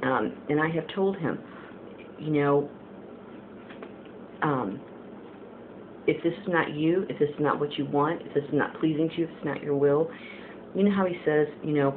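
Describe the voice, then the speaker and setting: A woman's voice: deep voice, expressive, normal speed, pauses often. Earnest woman, tinny lo-fi audio. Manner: rambling and earnest, many "you know"s. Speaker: Christian video blogger. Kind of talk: casual spiritual testimony. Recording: tinny phone-like audio with faint hiss.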